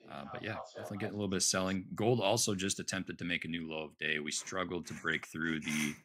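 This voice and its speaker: A man with a very deep voice hosts a live trading stream, talking through price levels in a loose, conversational way with plenty of fillers. Voices murmur in the background of the livestream audio. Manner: conversational, asks co-host questions, many fillers. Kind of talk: casual live market commentary.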